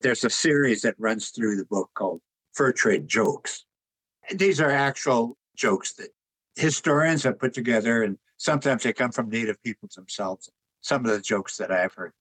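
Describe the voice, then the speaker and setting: Older man, husky, unhurried anecdotal interview guest. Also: medium pitch, rough recording. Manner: relaxed anecdotal, chuckles at his own jokes. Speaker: author and artist guest. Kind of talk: conversational interview storytelling.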